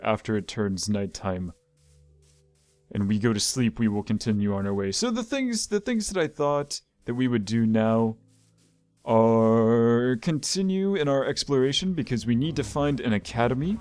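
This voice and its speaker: A man's voice: on the low side, a little mellow, no echo. A man hosting a gaming video, talking through his play in rambling commentary and often repeating words as he thinks aloud.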